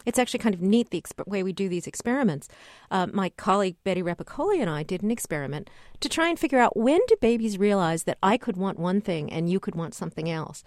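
Animated woman explaining on radio. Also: mid-range voice, fast talker, dry recording, clean studio sound. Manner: animated explainer, acts out voices in quotes. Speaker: guest researcher on child development. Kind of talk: radio call-in interview, explaining.

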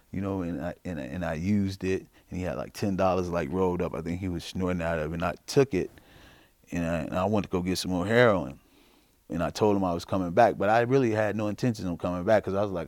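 A middle-aged man from Chicago giving a personal testimony in a halting, informal way, full of fillers. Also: deep voice, darkish tone, no echo. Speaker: interviewee.

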